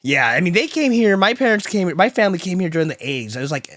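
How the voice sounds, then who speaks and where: A streamer in his thirties rambles through his chat, swearing freely. His voice sits a touch high and moves around a lot. The sound is dry and close to the mic. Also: sing-song, fast, a bit bright, no room sound. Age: 30s. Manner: rambling and profane, reading chat aloud. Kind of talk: casual live-stream chat.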